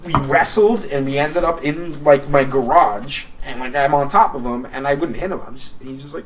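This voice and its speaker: A man's voice: mid-range voice, moderate pace, hardly any pauses. Profane rambling man in his thirties. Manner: rambling, profane, laughs through his stories. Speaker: podcast guest, tattoo artist. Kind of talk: casual chat, storytelling. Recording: distant mic with crowd noise.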